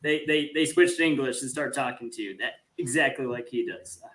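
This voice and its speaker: A man's voice: medium pitch, fairly quick, a crowd in the background. A man speaking as a guest on a panel podcast, chatty and anecdotal, often restarting his sentences. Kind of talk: casual panel discussion.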